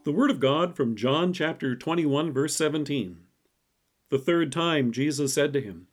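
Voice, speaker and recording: A man delivering a scripted devotional message and reading scripture in a measured, deliberate way. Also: on the high side. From city-raised. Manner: measured, reads scripture quotes slowly. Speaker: devotion speaker.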